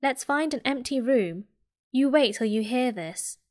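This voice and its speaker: A woman with a British accent voicing a breathless, urgent schoolboy in a soft whispered role-play. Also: extremely high pitch, expressive, measured pace. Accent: British English. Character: brave young schoolboy, urgent.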